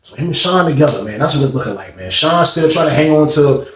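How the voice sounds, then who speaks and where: A man casually telling a prison story, acting out the people in it with raised, excited voices. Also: on the high side, fast talker, echoey room, a crowd in the background. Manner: animated, acts out quotes in raised voices.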